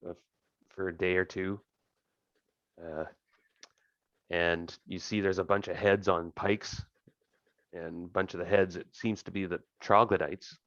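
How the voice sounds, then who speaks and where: A man with a very low voice runs a tabletop game as game master, narrating in a relaxed, rambling way. The sound is dry and dull, like a computer mic on an online call. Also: smooth, dry recording.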